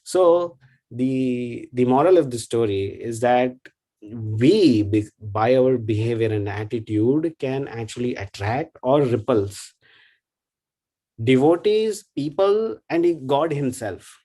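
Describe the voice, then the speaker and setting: A man giving a devotional class talk in a thoughtful, halting way, with frequent fillers and tag questions. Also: mid-range voice, mellow. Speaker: devotional speaker.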